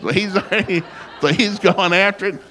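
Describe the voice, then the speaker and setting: An older man telling a funny family story in a folksy, animated way, his voice jumping up when he quotes himself. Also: normal speed. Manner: folksy, animated, gets loud and high when quoting himself.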